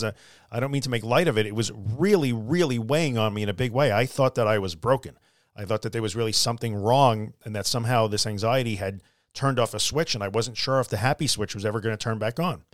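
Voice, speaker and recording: A man's voice: fairly low pitch, animated, fast talker, no room sound, studio quality. A middle-aged man hosting a podcast, telling a personal story in an earnest, conversational way and acting out quoted dialogue. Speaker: podcast host.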